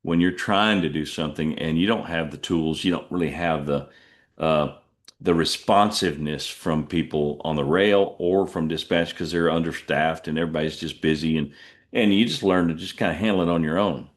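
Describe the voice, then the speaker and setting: A middle-aged man, a truck driver hosting a podcast, telling stories in a rambling, self-deprecating way with many restarts. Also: moderate pace. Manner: puts on jumpy high voices when quoting people. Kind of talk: casual storytelling monologue.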